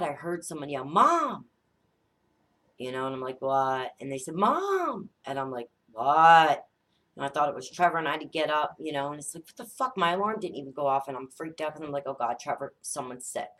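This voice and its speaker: A woman in her thirties, a mother telling a spooky family story in a casual, animated way, swearing often and acting out the dialogue. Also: low voice, brisk. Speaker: psychic vlogger, mother.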